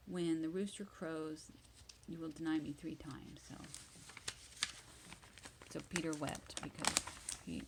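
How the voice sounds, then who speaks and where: Woman, lowish voice, slow English lesson, reads then retells, sometimes whispers. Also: fairly even intonation, noisy background. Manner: reads a verse then retells it in simple words. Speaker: English teacher. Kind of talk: slow Bible reading lesson for learners.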